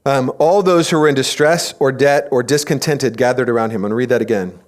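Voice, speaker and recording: A man preaching a teaching sermon in a church, telling stories in an animated way, acting out quoted voices and asking the congregation questions. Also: medium pitch, quick pace, hardly any pauses. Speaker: pastor.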